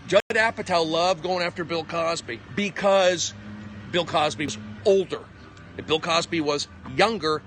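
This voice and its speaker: A male comedian ranting in a rambling live stream monologue, combative, with jumpy pitch, recorded on a phone outdoors on a city walk. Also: pushed and bright. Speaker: comedian livestreaming. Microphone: phone at arm's length.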